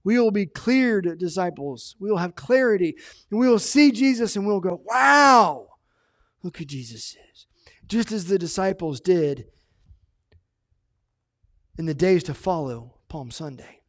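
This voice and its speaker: Animated high-voiced male pastor preaching. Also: unhurried, dry recording, studio quality. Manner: animated, swings between loud emphasis and quiet asides. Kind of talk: sermon.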